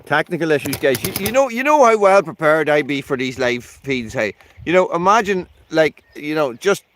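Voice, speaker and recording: By a campfire outdoors, a man hosts a casual live stream at normal speed, rambling to his viewers. When he turns to his dog, his voice jumps high and excited. A little hiss or hum is audible.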